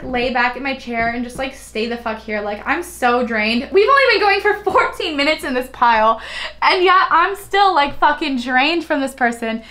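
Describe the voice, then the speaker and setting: Young woman reading tarot, high voice, swears a lot, giggles, chatty. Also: sharp tone. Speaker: tarot reader. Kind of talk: casual tarot reading monologue.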